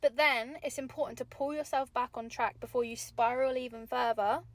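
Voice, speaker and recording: A woman's voice: a little high, fairly even intonation, normal speed, no room sound. A young woman giving candid, chatty motivational talk to camera, swearing casually. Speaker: vlogger.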